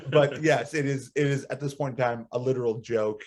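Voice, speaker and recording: A man's voice: medium pitch, steady tone, brisk, darkish tone, slight background noise. A man co-hosting a casual chat show, rambling and teasing, swearing freely. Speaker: podcast co-host.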